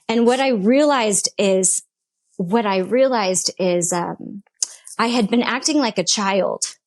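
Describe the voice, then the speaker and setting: A woman's voice: mid-range voice, takes it slowly. A woman guest giving an earnest, emphatic personal faith testimony in conversation, speaking in short repeated phrases. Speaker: podcast guest.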